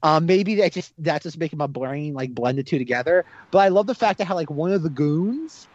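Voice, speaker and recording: A man chatting casually about a film, animated and sarcastic, with lots of "like". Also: fairly high pitch, fairly quick, no echo, highs cut off. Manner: animated, sarcastic, heavy use of "like". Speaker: podcast co-host. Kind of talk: casual film review chat.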